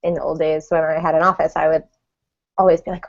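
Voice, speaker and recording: A woman's voice: low voice, little pitch movement, fast, vocal fry, highs cut off. A woman co-hosting a podcast, chatting casually with enthusiasm and laughing easily. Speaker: podcast co-host. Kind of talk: casual chat.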